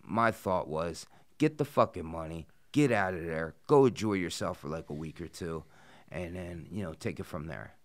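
Gruff deep-voiced man, blunt and profane. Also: animated, normal speed. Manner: blunt, profane storytelling with frequent fillers. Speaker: professional wrestler, guest. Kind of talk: casual interview talk. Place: studio interview set.

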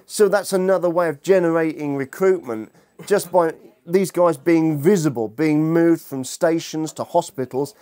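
Mellow-voiced man giving a jokey lecture. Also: fairly high pitch, moderate pace. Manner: lively, humorous, chatty with the audience. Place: lecture room with an audience.

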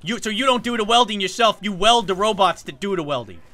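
The brash, cocky young Scout, goofy and wisecracking as he chats with strangers in an online game. The voice sits very high and sounds sharp and bright, and it swings widely in pitch. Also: expressive, fast. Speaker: streamer. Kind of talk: in-character voice chat during an online game.

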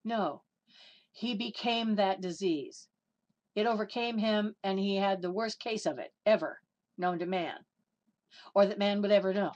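A woman's voice: mid-range voice, a little slow, long pauses, darkish tone, dull audio. Emphatic woman preaching a sermon. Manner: emphatic, questioning the listeners, acting out quotes.

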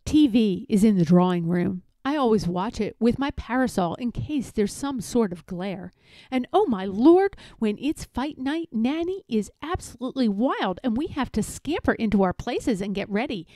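A woman's voice: a little high, normal speed, few pauses, dry recording. Playful woman reading a storybook aloud. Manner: playful, expressive, emphatic. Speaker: read-aloud narrator. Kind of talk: reading a children's picture book aloud.

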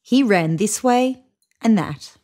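Woman reading a picture book aloud, mid pitch, very animated intonation. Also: slow pace. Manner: expressive, lively reading. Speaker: children's book reader. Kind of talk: read-aloud storybook narration.

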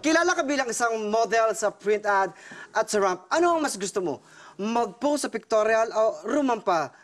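A man's voice: high-pitched, animated, fairly quick, a bit bright. A man doing a hammy Filipino talk-show host. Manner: playful, hammy, switches between English and Tagalog. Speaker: comedy sketch host. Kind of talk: comedic mock interview.

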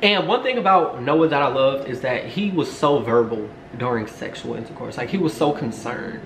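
A man's voice: medium pitch, lively intonation, normal speed, a bit bright. A young man telling a rambling story to camera, full of fillers and asides. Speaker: storytime vlogger. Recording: echoey room, faint background hum.

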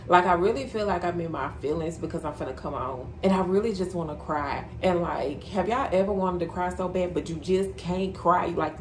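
Chatty young woman with a lowish voice. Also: slight background noise. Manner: candid, chatty, slangy. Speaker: vlogger. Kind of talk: casual chat to camera. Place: bedroom floor at home.

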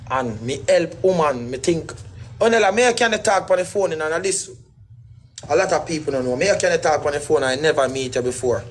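A man's voice: medium pitch, a little hiss or hum, poor audio. A middle-aged man, guest in a casual interview, talking in rambling, emphatic patois.

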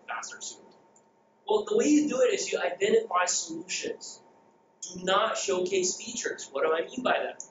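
A middle-aged man from the Philippines giving a jokey, energetic conference talk and asking the crowd questions. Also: high voice, a little hiss or hum. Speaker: conference speaker. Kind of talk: keynote presentation. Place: conference hall. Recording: echoey dull hall recording.

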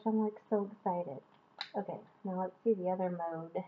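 A woman filming an unboxing vlog at home, talking in a gushing, excitable way. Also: lowish voice, normal speed, slight background noise. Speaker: vlogger. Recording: tinny phone-like sound.

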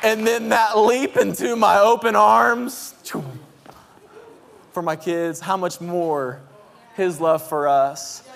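A man in his thirties preaching in a church, telling a story with deep emotion and shouting out his kids' voices. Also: fairly even intonation, takes it slowly, vocal fry, a faint crowd. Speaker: pastor. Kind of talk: sermon. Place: church sanctuary. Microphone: handheld mic. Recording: long hall reverb in a church.

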